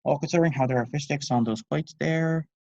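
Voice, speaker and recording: Deadpan know-it-all girl, sarcastic and precise, voiced by a man. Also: a little high, fast, vocal fry, dry recording, muffled recording, pitched above the performer's own voice.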